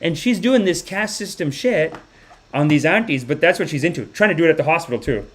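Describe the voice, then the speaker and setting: A young man tells stories as a comedy host, his voice bouncing up and down as he keeps acting people out. He sits a bit high for a man. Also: fairly quick. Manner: animated, acts out people with voices. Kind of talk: comedic storytelling monologue.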